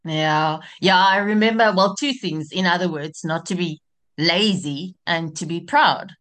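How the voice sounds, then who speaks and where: A woman's voice: lowish voice, unhurried, a bit bright. A South African woman interviewing a guest, asking questions and giving brief attentive prompts. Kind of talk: radio interview.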